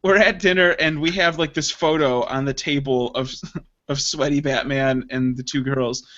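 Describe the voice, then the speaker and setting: A man's voice: mid-range voice, fairly even intonation, moderate pace. A man co-hosting a podcast, casual banter full of laughter and swearing. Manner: loud, laughing, swearing, joking. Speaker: podcast co-host. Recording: dull lo-fi podcast audio.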